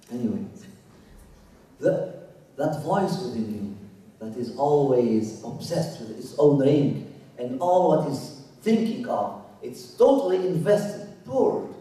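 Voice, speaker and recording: A man giving a spiritual lecture, emphatic, repeating his phrases and dropping from loud to hushed. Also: medium pitch. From Canada. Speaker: religious lecturer. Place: lecture hall. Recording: echoey hall, voice from far off.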